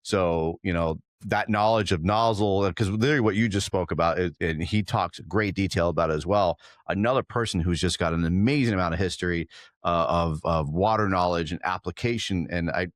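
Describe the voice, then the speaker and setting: Deep-voiced easygoing podcast host. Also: male voice, fairly quick, dry recording, studio quality. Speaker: podcast host and fire instructor. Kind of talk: casual podcast chat.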